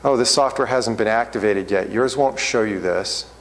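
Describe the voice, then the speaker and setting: A man's voice: on the low side, normal speed, big-room sound, a little hiss or hum, poor audio. A man teaching a class, walking students through steps in a casual classroom manner and often checking in with "okay?". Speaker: accounting instructor. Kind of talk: classroom walkthrough.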